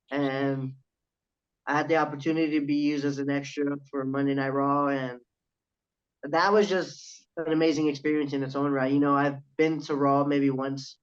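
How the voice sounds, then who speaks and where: A man's voice: mid-range voice, clear, resonant tone. A young man, a wrestler guest on a casual podcast, telling a story with lots of swearing and quoted dialogue. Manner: animated storyteller, swears freely, quotes others in his story. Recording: dull lo-fi audio.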